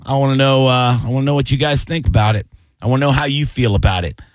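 A man's voice: mid-range voice, fast, no echo. A middle-aged man hosting a call-in radio show and doing stand-up-style banter, joking and whining on purpose. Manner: animated, joking, whines on purpose. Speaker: radio show host and comedian.

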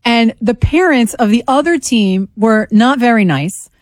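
A woman co-hosting a talk radio show, teasing and quick with her replies. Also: fairly high pitch, no room sound. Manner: quick, teasing, talks fast when excited. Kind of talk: casual radio banter.

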